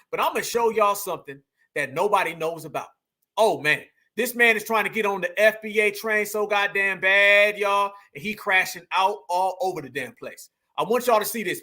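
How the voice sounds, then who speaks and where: A man hosting a livestream, delivering animated, profane ranting commentary straight to his audience. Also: high-pitched. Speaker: livestream host.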